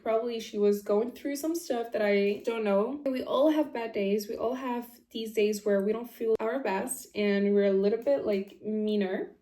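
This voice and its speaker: A woman's voice: medium pitch, warm tone. A woman vlogger telling a story in casual chat, emphatic, saying "like" a lot and laughing as she goes. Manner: chatty and emphatic, often says "like", laughs while telling. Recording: echoey room.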